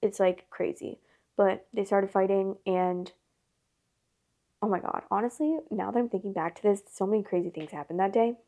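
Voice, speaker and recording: A woman tells a personal story in casual vlog chat, her voice mellow and low in tone with a gravelly fry running through it. She rambles, circles back and leans on "like" in nearly every phrase. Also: fairly even intonation, normal speed. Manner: rambling, filler-heavy with constant "like". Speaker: storytime host.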